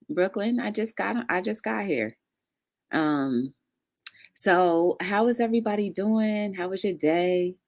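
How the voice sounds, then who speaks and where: A woman hosting a casual livestream talk show, greeting viewers by name with bright excitement and talking reflectively in between. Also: lowish voice, measured pace.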